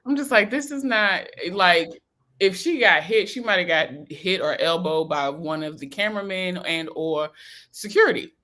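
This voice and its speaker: A gossipy, emphatic co-host recapping reality TV in easy conversation. The voice is bright and forward, at a middle pitch. Laughter breaks in often between the pointed remarks. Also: lively intonation, moderate pace. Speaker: podcast co-host. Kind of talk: casual reality TV recap chat.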